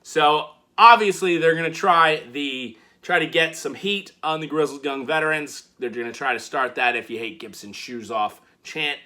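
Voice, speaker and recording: A man casually recapping a wrestling show, animated and playful, acting out the quotes he retells. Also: a little high, normal speed, few pauses.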